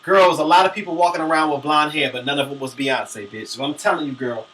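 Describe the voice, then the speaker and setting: Man, sassy gossip rant, high voice, distant from the mic. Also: fairly even intonation, fast talker, a bit bright. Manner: sassy, brash, dramatic. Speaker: vlogger. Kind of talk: profane celebrity gossip rant.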